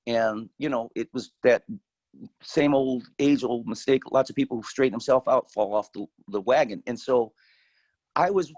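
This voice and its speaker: A man's voice: medium pitch, normal speed, a little mellow. An older man shares his personal story in a plain, folksy, candid way. His voice sits in the middle range for a man. The sound is close and dry, with no room echo. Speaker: guest speaker.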